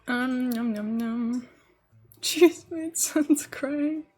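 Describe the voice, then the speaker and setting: Young woman streaming, kinda high voice, rambly and giggly, quiet music behind. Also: very slow, breathy edge. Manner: chatty and giggly, rambling to chat while building. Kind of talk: casual live-stream chat.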